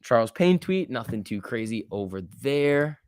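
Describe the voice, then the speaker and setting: A man hosting a live stock market stream, talking casually and reacting to viewers in chat with slangy, animated commentary. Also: mid-range voice, a little slow, smooth. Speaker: stock market livestream host.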